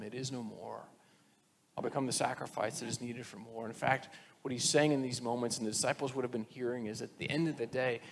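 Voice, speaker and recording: A male pastor talks through his sermon like a chat with friends, in a voice of ordinary pitch for a man. He plays out little quoted voices and sinks to a near-whisper on his key lines. A long reverb trails each phrase in the large space. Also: brisk. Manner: conversational, acts out quoted voices, drops to near-whisper for emphasis.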